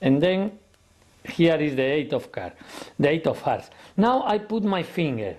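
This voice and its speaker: A man with teaching a card trick, explaining in a lively, expressive way and acting out his stage patter. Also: measured pace, reverberant. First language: not English. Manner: expressive, acts out his stage patter with big jumps in pitch. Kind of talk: explanatory lesson.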